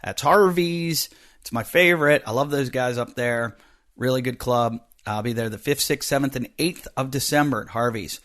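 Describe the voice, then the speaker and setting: A middle-aged male comedian runs a loose, joking monologue as a podcast host, his nose audibly stuffy. He rambles from one aside to the next, jumping from loud bursts down to muttered, offhand remarks. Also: medium pitch, moderate pace. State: stuffy nose, a bit snotty.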